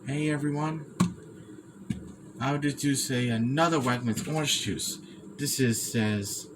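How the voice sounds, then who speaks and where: A young man reviewing food in a casual vlog, talking haltingly, stumbling over words and repeating himself. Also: mid-range voice, noisy background.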